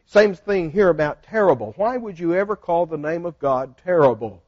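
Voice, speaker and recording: Older man, Bible study teacher, folksy and animated storyteller; slightly high voice, dull and dry recording. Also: moderate pace, no room sound.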